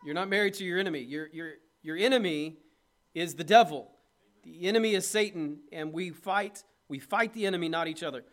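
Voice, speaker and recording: A middle-aged man, a pastor preaching a sermon with impassioned urging that drops to soft tenderness. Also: a little high, a little fast.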